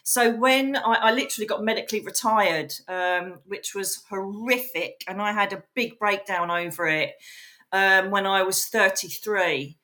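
Woman, podcast guest, animated storyteller who acts out quotes, sharp bright tone. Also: medium pitch, moderate pace. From England. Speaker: podcast guest, psychic medium. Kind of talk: casual interview storytelling.

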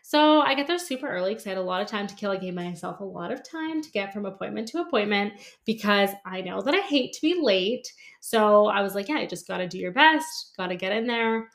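A woman hosts her own podcast and talks straight to her listeners in a loose, storytelling way. She laughs easily, swears casually and keeps dropping "like" into her sentences. Her voice sits at an ordinary middle pitch. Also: lively intonation, fairly quick, hardly any pauses, a bit bright. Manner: chatty, laughs often, peppers speech with "like" and swearing. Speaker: podcast host and lash artist.

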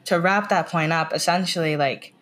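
A deep-voiced American woman, fairly bright in tone and fairly even in intonation, speaks at normal speed as a guest on a relaxed podcast. Rambling and full of restarts and "like," she tells stories by quoting what was said.

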